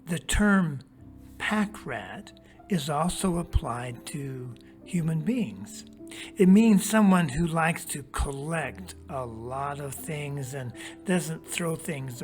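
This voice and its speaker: A teacher reading a storybook passage aloud, then walking listeners step by step through a worksheet, talking straight to them. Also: mid-range voice. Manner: slow, deliberate, spells out each step; talks straight to young listeners.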